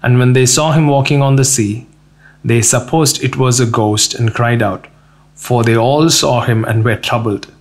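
A male pastor preaching a sermon, retelling scripture with lively quoted lines. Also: normal speed. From India. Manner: storytelling, rises high for quoted lines, laughs. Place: church.

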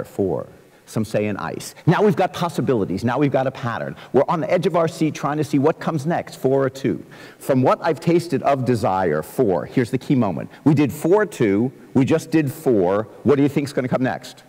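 A man, a composer, giving a lively lecture to students, reciting verse and scatting rhythms to show musical patterns. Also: mid-range voice. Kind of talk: lively lecture with sung and spoken musical demonstrations. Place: large lecture hall. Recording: long reverb of a large lecture hall.

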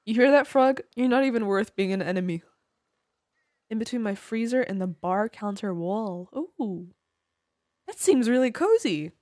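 A woman's voice: medium pitch, expressive, normal speed, darkish tone, no echo, studio quality. A woman livestreaming a game, chatting casually with viewers, joking, swearing a lot and laughing often in a playfully dramatic way. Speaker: game streamer. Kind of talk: casual livestream chat while gaming.

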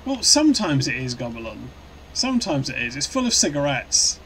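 A man's voice: mid-range voice, very animated, brisk, a bit bright, slight background noise, poor audio. A man streaming a truck game live, answering chat in a rambling, good-humoured way with many restarts.

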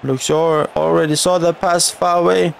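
A man's voice: on the high side, flat delivery, moderate pace, gravelly, a little hiss or hum. A man giving live, chatty commentary over a football video game as a gaming video creator, grumbling at the referee and his players.

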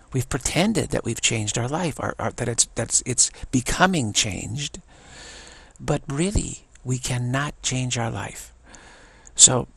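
An older man gives a rambling spiritual talk, circling back and stumbling over his words. His voice is gravelly and a little husky. The sound is dry and close. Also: mid-range voice, fairly bright tone, dry recording. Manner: repetitive, stammering restarts. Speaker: spiritual teacher.

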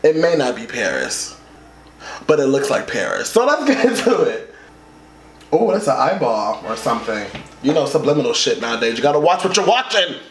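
A man with a mid-range, very animated voice reacts to a music video at normal speed, flamboyant, sassy, and profane, gasping and squealing. He's emotional and near tears, in an echoey room with music playing behind and background noise.

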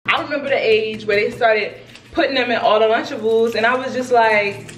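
A woman's voice: on the high side, steady tone, brisk, a bit bright. A woman in her twenties chatting sassily to viewers in a casual food vlog. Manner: sassy, chatty, addresses viewers as y'all and boo. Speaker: vlogger.

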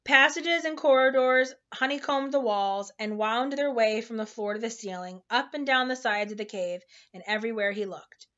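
A woman with a somewhat high voice reads a children's novel aloud at home, relaxed and unpolished, stumbling over the odd tricky word. The recording sounds dull and lo-fi. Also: normal speed, few pauses. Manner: informal, stumbles over hard words and laughs at slips. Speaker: storybook reader.

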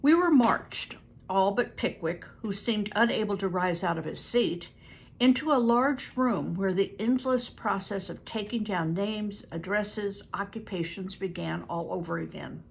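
An older woman reading a book aloud to family, pausing to explain words and stumbling over hard names. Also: medium pitch, vocal fry, a little hiss or hum. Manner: stops to explain words and events.

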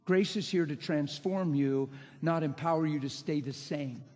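A man's voice: fairly high pitch, normal speed, darkish tone. A man preaching a sermon with emphatic, impassioned delivery and rhetorical questions. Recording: long hall reverb.

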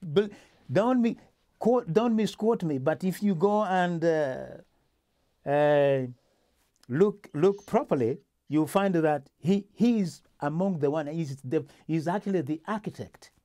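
A man's voice: a little high, takes it slowly, dark tone. A male host in a casual political discussion, talking with many restarts and fillers.

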